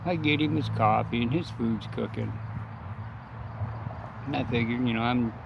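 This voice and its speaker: A man's voice: medium pitch, moderate pace, creaky, dull audio, noisy background. A man telling a folksy, profane story in a casual, rambling way.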